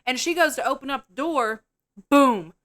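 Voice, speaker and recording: A woman co-hosting a podcast, retelling a film scene in a profane, animated chat. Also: high-pitched, normal speed. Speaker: podcast co-host. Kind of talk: casual movie-review chat.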